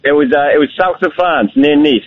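A young man in his twenties calling a radio show in a put-on Welsh accent, energetic and stumbling over restarts. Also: on the high side, fairly quick, creaky. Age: 20s. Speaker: caller. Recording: tinny phone line.

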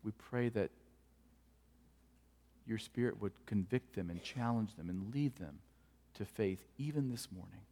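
A man preaching a sermon as pastor, telling stories earnestly and dropping to hushed tones for tender moments. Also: fairly low pitch, a little slow. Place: church sanctuary. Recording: long church hall reverb.

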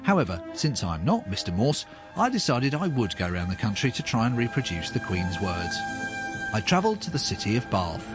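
A man's voice: fairly low pitch, very animated, fairly quick, music in the background. A man narrating a documentary with a wry, inquisitive manner. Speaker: podcast presenter.

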